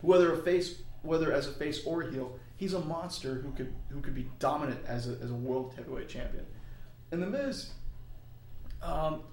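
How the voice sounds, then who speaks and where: A man's voice: fairly high pitch, moderate pace, slight background noise. Rambling man chatting in an echoey room. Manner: rambling, restarts sentences, hedging. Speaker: podcast co-host. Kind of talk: casual wrestling chat. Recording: roomy echo with faint ambience.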